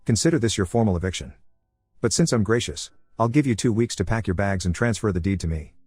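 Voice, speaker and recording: A man's voice: fairly low pitch, expressive, fast, a little mellow, slightly rough, dry recording, clean studio sound, faint music behind. A man voicing a domineering, entitled middle-aged mother in a narrated story, commanding and self-righteous.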